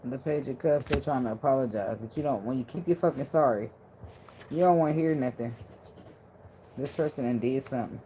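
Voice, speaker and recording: A woman's voice: rumbling low, fairly quick, mellow, a little hiss or hum. A woman giving a casual tarot reading in loose slang, blunt and profane, with a lot of laughter. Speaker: tarot reader.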